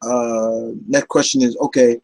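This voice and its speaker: A man's voice: medium pitch, level tone, measured pace, vocal fry, darkish tone, low-quality recording. A man hosting a casual Q&A video, answering viewer questions in a rambling way with many fillers and restarts. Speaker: YouTube Q&A host. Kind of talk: casual Q&A chat.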